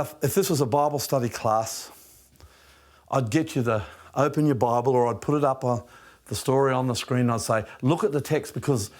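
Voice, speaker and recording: Fervent Australian man preaching, highly animated. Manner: passionate, swings from loud emphasis to hushed near-whispers. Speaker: pastor. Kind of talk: sermon.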